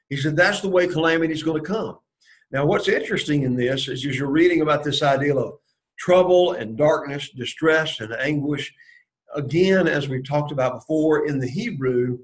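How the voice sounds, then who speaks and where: A man's voice: medium pitch, poor audio. A man leading a Bible study lesson, going through the verses and asking and answering his own questions. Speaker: Bible class teacher.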